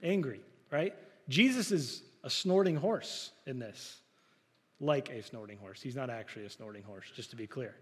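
A man's voice: medium pitch, lively intonation, normal speed, long reverb tail. A man preaching a sermon, talking to the congregation in a conversational way with rhetorical questions. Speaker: pastor.

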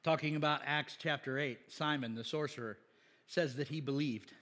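A man preaching a sermon in a church hall with a long, ringing reverb. His voice sits a little high for a man. He jokes, laughs often and builds to loud, emphatic peaks. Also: a little fast. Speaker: pastor. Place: church sanctuary.

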